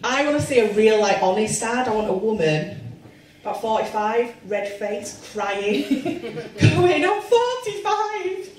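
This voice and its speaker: A woman in her forties performing a stand-up comedy set, self-deprecating and bawdy with deadpan asides. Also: mid-range voice, unhurried, distant mic, slight background noise. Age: 40s. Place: comedy club stage with audience. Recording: roomy live club sound with crowd laughter.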